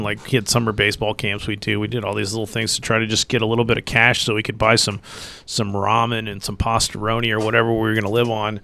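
A middle-aged man co-hosting a podcast, rambling through profane stories with laughs, getting loud when he quotes people. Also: lowish voice, vocal fry, slight background noise. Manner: rambling, profane, laughs mid-story, swings loud when quoting the angry coach. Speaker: podcast co-host. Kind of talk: casual storytelling chat.

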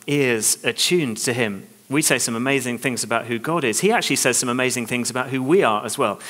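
A man preaching a sermon in a church, reading scripture aloud and urging his listeners on with lively emphasis. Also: medium pitch. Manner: animated, exhorting, reads scripture aloud. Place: large church hall. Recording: long church hall reverb.

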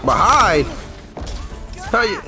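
A man commentating his own gameplay, excitable, cursing and shouting at the game. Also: high voice, slow pace. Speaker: gameplay streamer. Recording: game music and sound effects behind the voice.

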